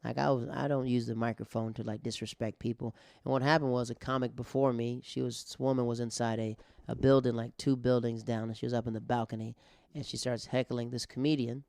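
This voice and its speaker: Male comedian, casual storytelling, rambling, smooth voice, dry close sound. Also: mid-range voice, little pitch movement, a little fast, a little mellow, dry recording. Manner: rambling, conversational, with many restarts and fillers. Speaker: comedian and podcast host.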